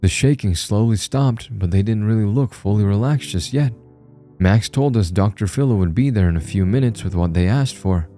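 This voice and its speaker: A man narrating a scripted horror story in a calm, measured way. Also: lowish voice. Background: soft music.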